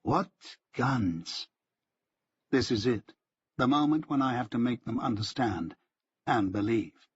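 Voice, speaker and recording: A man's voice: medium pitch, normal speed, slightly rough, no room sound, lo-fi sound. A man narrating a first-person audiobook in a dry, wry storytelling manner.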